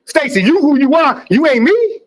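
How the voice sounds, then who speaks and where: A man hosting a livestream sports debate, loud and profane, talking over others and repeating himself. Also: very high voice, very animated, normal speed. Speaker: livestream host.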